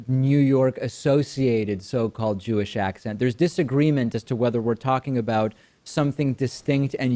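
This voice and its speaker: A man hosting an interview show, asking measured questions with frequent fillers and repeated words. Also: medium pitch, warm tone. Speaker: talk show host.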